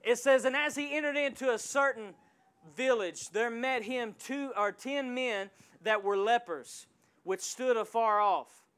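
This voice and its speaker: A male pastor preaching a sermon in a church, calling out to the congregation and swinging from quiet asides to loud surges. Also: very high-pitched, a little slow, clean tone. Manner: call-and-response preaching with sudden loud surges.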